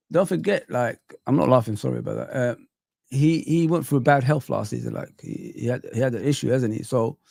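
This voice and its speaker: A man hosting a casual football live stream, reacting excitedly to clips and chatting with viewers. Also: medium pitch, vocal fry, dry recording, clean studio sound.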